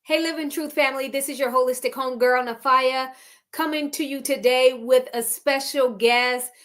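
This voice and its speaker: A woman's voice: high voice, fairly even intonation, moderate pace, fairly bright tone. An American woman hosting an interview podcast, bubbly and effusive, laughing often. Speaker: podcast host. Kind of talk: upbeat interview chat.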